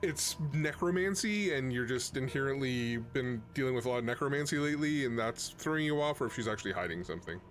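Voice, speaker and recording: A man running a tabletop role-playing game as game master, narrating scenes in a relaxed, playful way. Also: mid-range voice, fast, few pauses, slight background noise.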